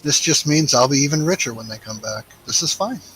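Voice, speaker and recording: Canadian guy joking around in voice chat, kinda high voice, faint hum behind him. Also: expressive, fairly quick, fairly bright tone, rough recording. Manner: teasing, joking. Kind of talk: casual chat while gaming.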